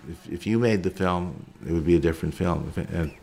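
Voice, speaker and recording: A man's voice: deep voice, quick pace, creaky, mellow, soft background music. A documentary filmmaker, a man, answering interview questions in a plainspoken, reflective way.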